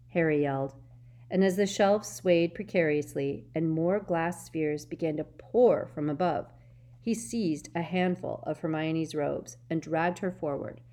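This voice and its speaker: Woman narrating an audiobook, low voice. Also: mellow.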